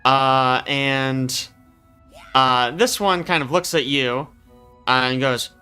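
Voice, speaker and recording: A man narrating as game master of a tabletop game, often pausing with fillers. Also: mid-range voice, clean tone, soft background music. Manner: bright, lively, often hesitant with fillers.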